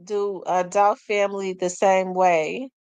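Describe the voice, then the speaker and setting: A woman's voice: medium pitch, flat delivery, slow, a little mellow, clean tone, dry recording. Chatty woman host, dry close sound. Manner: chatty, exclaims and laughs, talks to viewers. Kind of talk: casual commentary livestream.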